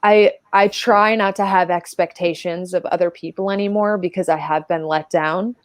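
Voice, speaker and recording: A woman's voice: on the low side, steady tone, moderate pace, no room sound. A woman as a podcast guest, telling stories in a chatty, casual way full of filler words. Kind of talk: casual storytelling chat.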